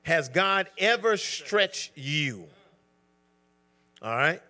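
A man's voice: a little high, lively intonation, extremely slow, bright, forceful tone. A man leading an interactive Bible study, calling on members by name in a conversational, emphatic way. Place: church group gathering.

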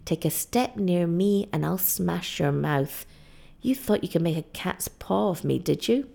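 A rough, hard-drinking sailor who talks bluntly and mocks whoever is in front of him, as a woman reading a storybook aloud puts him on. The voice is gravelly and low, with a mellow, dark tone. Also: expressive, unhurried, heavily acted. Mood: boastful. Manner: blunt, loud and mocking.

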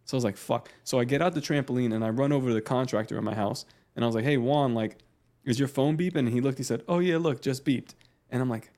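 A man in his thirties, a podcast co-host, telling a story in a casual, animated and profane way. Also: medium pitch. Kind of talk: casual chat.

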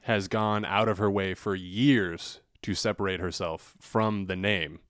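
A man's voice: deep voice, steady tone, unhurried, fairly bright tone, no room sound, studio quality. A man co-hosting a podcast, chatting casually about politics with a wry, joking manner. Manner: wry and joking, laughs along. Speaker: podcast co-host.

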